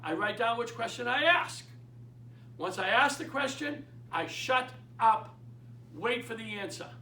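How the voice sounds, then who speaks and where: A middle-aged man with a Boston accent, coaching real estate agents in an energetic, emphatic way and acting out phone calls. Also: very high voice, measured pace, distant mic, a little hiss or hum. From Boston area. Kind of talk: instructional talk. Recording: echoey room, speaker away from the mic.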